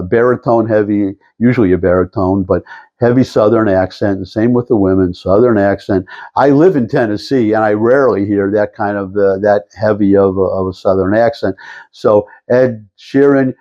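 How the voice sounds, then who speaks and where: Older man rambling, dark dull voice. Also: lowish voice. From Detroit area. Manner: meandering, lots of restarts and asides. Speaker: vlogger. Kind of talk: rambling casual monologue.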